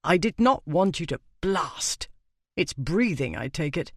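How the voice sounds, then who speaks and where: A man voicing a cool, irritable Regency gentleman who speaks in a dry, clipped, disdainful way. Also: fairly high pitch, very animated, measured pace, no room sound, heavily acted. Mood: irritated.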